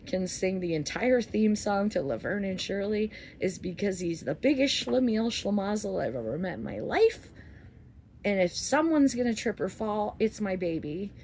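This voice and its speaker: A woman in her forties talking to her viewers in a candid, rambling monologue, cursing freely and swinging between loud outbursts and soft asides. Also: medium pitch, slight background noise. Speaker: vlogger. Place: outdoors under a flight path.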